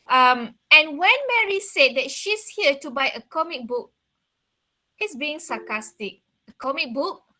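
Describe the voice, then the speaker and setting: A woman's voice: sits high, lively intonation, measured pace, sharp tone. A woman teacher with a Malaysian accent explaining a play to a class, checking in with questions. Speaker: English literature teacher.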